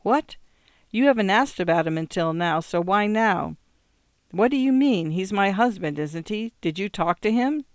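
Give me a narrator playing an anxious young farm woman who talks in an earnest ramble, in a clear smooth voice. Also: mid-range voice, lively intonation, normal speed, no echo, studio quality, close to an everyday voice. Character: young married farm woman, nervous, pleading. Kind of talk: audiobook character reading.

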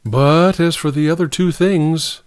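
A man's voice: fairly high pitch, unhurried, clean tone, no room sound, studio quality, voice pushed up, natural voice. Cool, plain-spoken young farm woman, voiced by a male narrator. Storybook read. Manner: cool, matter-of-fact.

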